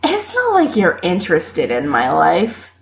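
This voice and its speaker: A woman's voice: lowish voice, wildly swooping pitch, unhurried, creaky, a little hiss or hum, heavily acted. A woman doing a drunk, cursing young man. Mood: drunk sulky. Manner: slurred cursing, dramatic outbursts. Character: drunk angry young man, petulant and self-pitying.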